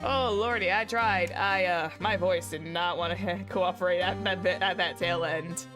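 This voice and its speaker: A woman streamer chats casually while playing a visual novel. She talks with a playful, self-mocking manner at a middle pitch, and loud game music plays behind her voice the whole time. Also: steady tone, normal speed. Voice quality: playful, laughs at herself, chatty asides. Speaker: VTuber streamer.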